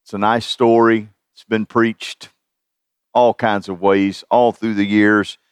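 A man's voice: fairly low pitch, little pitch movement, slow, clean tone, no echo, clean studio sound. A middle-aged man preaching a sermon in a folksy, conversational way, chuckling at his own asides. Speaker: pastor.

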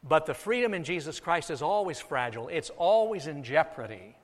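Man, pastor, emphatic sermon, fairly high voice, long hall reverb. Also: animated, a little fast. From United States. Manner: emphatic, repeats key phrases for effect. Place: church sanctuary.

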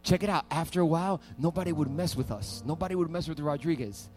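Animated preaching man over faint music. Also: a little high, quick pace. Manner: animated storytelling, rising to loud preaching. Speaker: pastor. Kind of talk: sermon.

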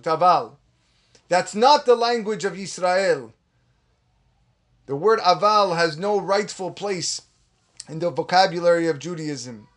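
Male rabbi, high voice, impassioned Torah sermon, acts out quotes. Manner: impassioned, rising to a high pitch for emphasis.

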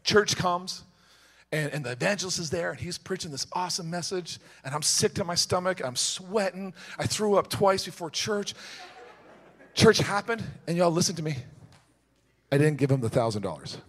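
A man preaching a sermon, telling a personal story with swings from hushed asides to shouted, fervent peaks. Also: high voice, expressive, moderate pace.

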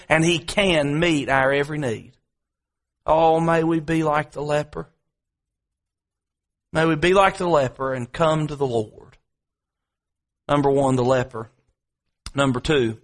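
A man preaching a sermon, telling a story from home and then building to repetitive, dramatic appeals with slow, drawn-out emphasis. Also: a little high, a bit bright. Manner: dramatic preaching, swings between drawn-out emphasis and quick asides; repetitive, rhetorical delivery.

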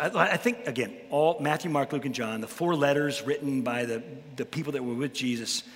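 Bright-voiced pastor telling stories in a hall. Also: male voice, medium pitch. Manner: animated storyteller, rises into preaching. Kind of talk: conversational faith talk with storytelling.

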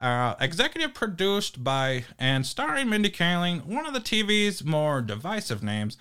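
Lively crude New Jersey podcast host. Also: male voice, high-pitched, moderate pace, clear, resonant tone. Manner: stumbling read-aloud, crude, laughing. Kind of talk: parody podcast banter.

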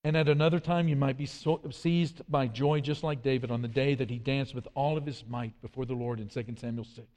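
A man's voice: mid-range voice, steady tone, fairly quick, hardly any pauses, a little mellow. A man preaching a sermon with earnest emphasis, quoting scripture and often repeating his words. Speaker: pastor. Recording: long hall reverb.

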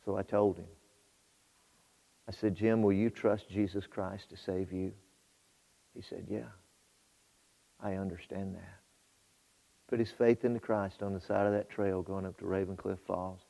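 A man preaching a sermon, shifting between quiet storytelling and loud, fervent exhortation to his congregation. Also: low-pitched, steady tone, moderate pace, creaky. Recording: muffled hall with long reverb.

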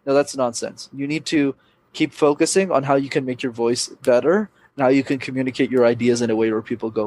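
A young man, a public speaking coach, giving energetic, emphatic advice as a podcast guest. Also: medium pitch, a little fast.

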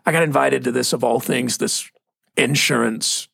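A middle-aged man with a Texan accent and a gravelly, husky voice. He tells stories in a relaxed podcast chat and slips into the voices of the people he quotes. The sound is dry and close, with no room in it. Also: medium pitch, normal speed, dry recording. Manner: storytelling, acts out quoted voices. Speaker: pastor. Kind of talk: casual podcast conversation.

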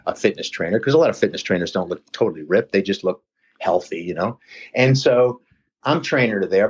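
A man's voice: fairly low pitch, slightly rough. A man telling stories in a casual chat, rambling with many fillers, on a dull lo-fi recording. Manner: rambling, lots of "you know" fillers. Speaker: podcast guest, personal trainer. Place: lives near Reading, England. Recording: dull lo-fi sound.

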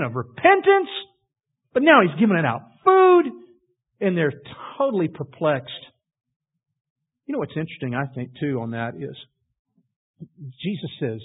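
A man preaching a sermon, retelling scripture in a storytelling way and building to loud emphasis. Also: a little high, wildly swooping pitch, moderate pace, pauses often, breathy edge. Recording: tinny phone-like audio.

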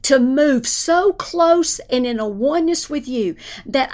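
A woman preaching a sermon with fervor, at times dropping her voice to a hushed whisper for spoken prayers. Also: sits high, animated, measured pace.

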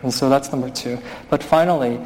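A man's voice: mid-range voice, fairly quick, slight background noise. Man preaching in a reverberant church. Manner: conversational preaching with animated personal storytelling. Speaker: pastor. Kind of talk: sermon. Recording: long hall reverb.

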